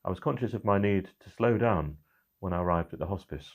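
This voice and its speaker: A middle-aged man, a church minister, giving a measured, reflective midweek talk that slows on key phrases. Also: sits low.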